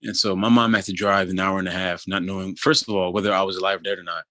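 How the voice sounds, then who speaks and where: A man in his thirties from the Philadelphia area, telling his own story as an interview guest in a halting, loose way full of restarts. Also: sits low, level tone, bright, forceful tone, no room sound. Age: 30s. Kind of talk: telling a personal story in conversation.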